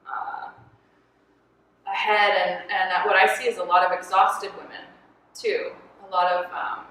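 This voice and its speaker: Canadian woman guest, animated, chatty, bright tone; distant mic, big echo. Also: mid-range voice. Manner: animated storyteller, laughs often, lots of fillers. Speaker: artist and designer guest. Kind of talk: candid conversational interview. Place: event space. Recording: echoey room, distant mic, faint noise.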